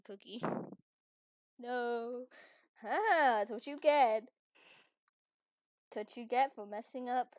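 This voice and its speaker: A woman giving playful, theatrical game commentary with friends, teasing them and swinging into mock-furious shouting. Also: on the high side, dry recording. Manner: teasing, giggly. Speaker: gaming channel host.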